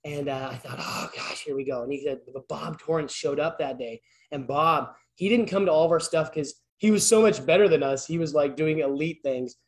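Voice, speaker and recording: A man's voice: on the high side, moderate pace, a little hiss or hum. A man who works as a PE teacher, filling in as a church speaker and giving an informal, story-driven sermon in a rambling, conversational way full of restarts.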